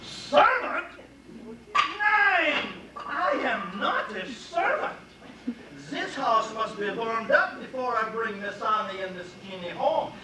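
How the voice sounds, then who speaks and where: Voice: mid-range voice, expressive, slow, very noisy. An actor playing a brusque male caretaker with a put-on German accent, speaking in a formal, clipped, commanding way on stage. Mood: stern. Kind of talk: amateur stage acting. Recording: distant stage voice in echoey hall with audience.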